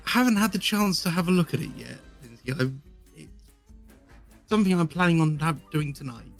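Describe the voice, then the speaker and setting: A man playing in a tabletop game, speaking casually and a bit haltingly. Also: on the high side, expressive, creaky, faint music behind. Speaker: player.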